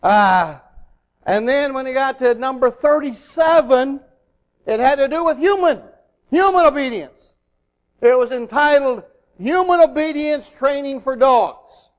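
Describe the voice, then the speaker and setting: A man with a very high speaking voice delivers a sermon. He is animated and acts out other voices as he goes. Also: a little slow. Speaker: preacher.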